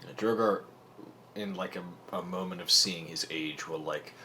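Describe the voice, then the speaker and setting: A man playing a tabletop game, describing his character's actions in a playful, animated way. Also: deep voice, normal speed, a little hiss or hum. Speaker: player. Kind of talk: casual tabletop play.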